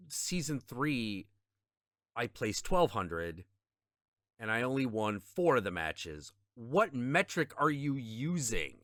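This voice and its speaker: Guy on a game stream, slow and sweary, pitch jumps all over, really dry sound. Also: big pitch swings, fairly bright tone, dry recording. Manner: frustrated profane ranting; trails off into mutters and repetitions. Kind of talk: casual gaming stream chat.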